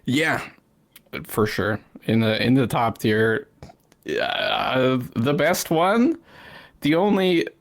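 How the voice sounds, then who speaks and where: A man's voice: medium pitch, very animated, takes it slowly, creaky. A man hosting a podcast, chatting casually in a rambling way, laughing often and swearing freely. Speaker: podcast host. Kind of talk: casual chat.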